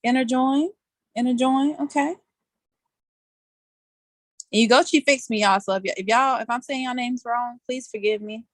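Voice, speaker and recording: A woman's voice: on the high side, normal speed, pauses often, dry recording. A woman hosting a casual live online quiz, chatty and playful, laughing often and speaking in loose colloquial slang, talking over a video call from outdoors. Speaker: session host running a quiz.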